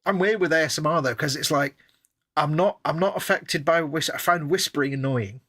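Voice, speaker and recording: A man's voice: fairly high pitch, a little fast, fairly bright tone, no room sound. A man co-hosting a live stream, chatting casually and wryly while building models. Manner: chatty, rambling, wry.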